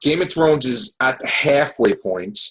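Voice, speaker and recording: A man hosting a casual podcast chat, recapping TV shows in an excitable, profane, animated way. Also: medium pitch, measured pace, poor audio. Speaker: podcast host.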